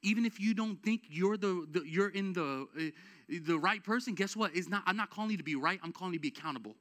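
A man delivers a sermon as a pastor with a very high, bright voice. He preaches in a casual, conversational way with slang, then drives his points home with emphatic, rising exhortation. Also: fairly quick. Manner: energetic, rises to emphatic exhortation.

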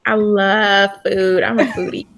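A woman's voice: medium pitch, little pitch movement, a little slow, creaky, a bit bright. A young adult woman from the United States, chatting expressively as the interviewee in a casual interview.

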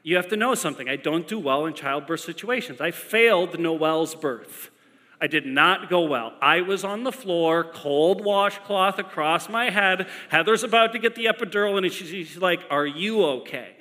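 A male pastor delivers a sermon in a high, bright, forceful voice. He tells stories with animated energy and hammers points home through repetition. His voice rings with the long echo of a large church hall. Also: normal speed. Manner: animated storytelling with emphatic repetition.

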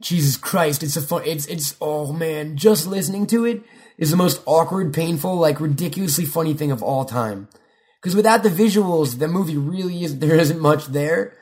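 A man's voice: fairly high pitch, moderate pace, a little mellow. A young man in casual chat, rambling and swearing freely as he jumps between stories and quotes. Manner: rambling, swears often, quotes movie lines.

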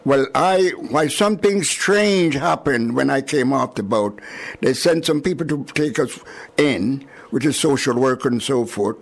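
An older man from Jamaica with a Jamaican accent, recalling his arrival in an oral history interview with chuckles and lively retelling. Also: medium pitch, measured pace, gravelly. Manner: chuckling, animated storyteller.

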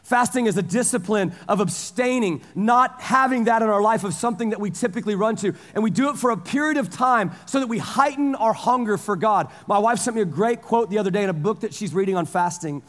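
A man's voice: high voice, fairly quick, few pauses, fairly bright tone. A man in his forties preaching a sermon in a casual, storytelling way, repeating phrases for emphasis. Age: 40s. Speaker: pastor. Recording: long hall reverb.

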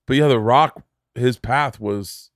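A male podcast host talks in loose, animated chat and jumps into silly voices to act out his stories. His voice sits at a middle pitch and sounds close and dry. He keeps a joking manner and swears freely. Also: takes it slowly, gravelly, dry recording. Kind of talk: casual comedic chat.

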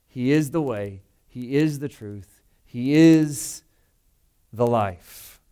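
Smooth-voiced man preaching a sermon. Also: mid-range voice, takes it slowly, warm tone. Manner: conversational and emphatic, with frequent rhetorical asides. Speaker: pastor.

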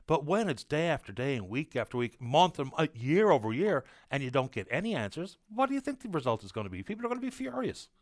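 A man hosting a call-in radio show, answering a caller in a measured, sympathetic, reasoning way. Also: on the high side, big pitch swings, no echo, clean studio sound. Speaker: radio host. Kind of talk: talk radio commentary.

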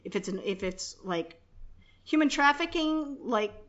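Podcast host, female, brash and profane, slightly high voice, lo-fi recording. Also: lively intonation, measured pace, fairly bright tone. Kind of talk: casual podcast chat. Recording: dull lo-fi podcast audio.

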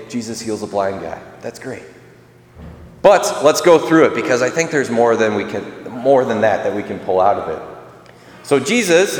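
A man preaching a sermon in a casual, conversational way, acting out the voices of people in the story. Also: mid-range voice. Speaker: priest. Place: church. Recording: echoey church with long reverb.

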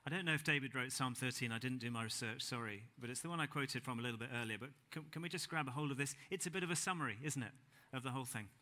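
Male preacher, bright, forceful tone, casual and self-deprecating, swings between emphatic and hushed delivery. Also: mid-range voice, rapid-fire, hardly any pauses. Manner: conversational, self-deprecating, builds to emphatic peaks then drops quiet. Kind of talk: sermon. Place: church hall with congregation.

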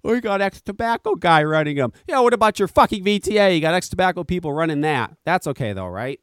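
A man's voice: sits high, expressive, fast, fairly bright tone, clean tone, no room sound, studio quality. A man hosting a talk radio podcast, ranting sarcastically with heavy swearing. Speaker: podcast host.

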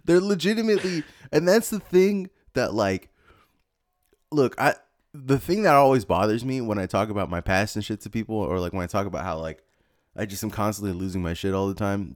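A man's voice: fairly low pitch, lively intonation, brisk. A young man in casual crude banter on a podcast, rambling, swearing and laughing often.

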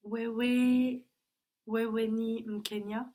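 A native French-speaking woman answering in a language lesson, giving slow, careful and sometimes hesitant answers. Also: on the high side, little pitch movement, warm tone. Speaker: language learner.

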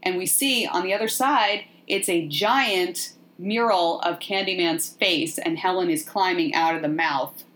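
A woman hosting a podcast, chatting casually as she retells a film with playful, animated asides. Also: on the low side, measured pace, hardly any pauses. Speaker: podcast host.

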